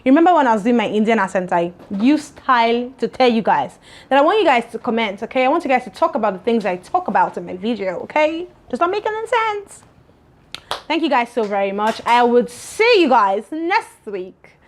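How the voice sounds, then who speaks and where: A woman vlogger from Nigeria talking casually to camera in a chatty, scolding, animated manner. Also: on the high side, brisk.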